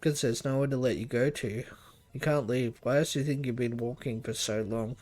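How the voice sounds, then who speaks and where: A man voicing an eerily calm, possessive young woman who talks in a soft, flat, coaxing way. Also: mid-range voice, a little fast, natural voice. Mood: calmly chilling.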